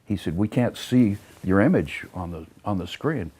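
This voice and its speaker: A man's voice: lowish voice, normal speed, slightly rough. A man telling tour stories in a casual interview, acting out the people he quotes and swearing freely. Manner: animated storyteller acting out quotes, many fillers; profane, blunt. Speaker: interview guest. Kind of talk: casual storytelling.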